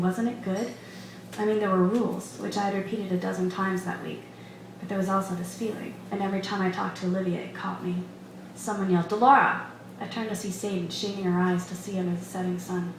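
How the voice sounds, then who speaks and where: A woman author reading her own first-person story aloud at a live event, in a measured storytelling manner. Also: mid-range voice, background noise. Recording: echoey room from a distant mic. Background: bar room chatter.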